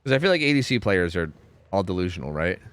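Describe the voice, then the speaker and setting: A man's voice: deep voice, sing-song, quick pace, fairly bright tone, no echo. A young man streaming a game, chatting casually and rambling through answers to chat, often stumbling and repeating words.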